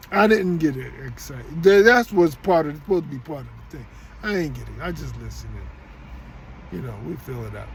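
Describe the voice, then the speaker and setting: A middle-aged vlogger with a high, slightly rough voice tells a rambling story straight to his viewers, often repeating and restarting himself. The recording quality is rough.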